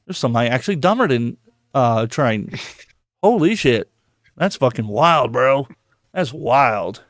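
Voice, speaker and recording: A man hosting a casual podcast, excitable and swearing often, repeating words when worked up. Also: mid-range voice, unhurried, dry recording, clean studio sound. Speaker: podcast host. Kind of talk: casual profane podcast chat.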